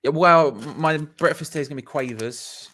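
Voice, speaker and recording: A man's voice: a little high, fairly quick, bright, forceful tone. A man, co-hosting a football fan channel in playful, laid-back, teasing live chat. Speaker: co-host.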